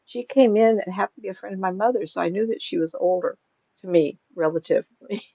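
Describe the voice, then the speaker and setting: A woman's voice: medium pitch, fast, gravelly, warm tone, dry recording, dull audio. An older woman, a psychic medium, chatting casually in an interview, rambling through stories and laughing often.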